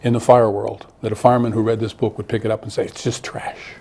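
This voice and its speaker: A man's voice: on the low side, level tone, fast, gravelly, a little mellow. A man, an author, talking earnestly in an interview, often restarting and repeating words. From Connecticut. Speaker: author guest. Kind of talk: interview conversation.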